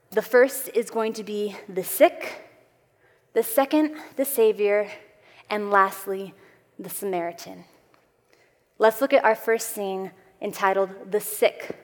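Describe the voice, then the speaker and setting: A woman preaches a Bible lesson to a gathering of women, her voice sitting in an ordinary middle register. She talks earnestly and expressively, pushing some phrases out with force and pulling others down low. A long reverb trails each phrase, as in a large hall. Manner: earnest, expressive preaching with emphatic swells and soft drops. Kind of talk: sermon.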